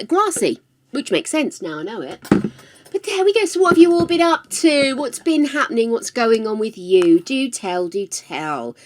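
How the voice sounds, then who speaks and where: An older woman chatting casually on a live stream, affectionate and talkative, calling her viewers darlings. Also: fairly high pitch. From United Kingdom.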